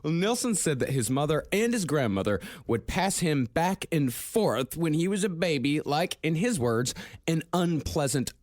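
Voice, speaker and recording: Lively American man telling a grim story. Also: a little high, moderate pace, dry recording, clean studio sound. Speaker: podcast host. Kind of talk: casual true-crime podcast chat.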